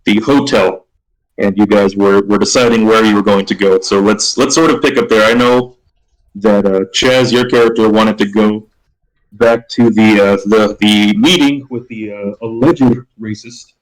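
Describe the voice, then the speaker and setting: Male game master, low voice, loud and projecting, stops and restarts often. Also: fairly even intonation, poor audio. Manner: halting, with many restarts. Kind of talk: narrating a tabletop game.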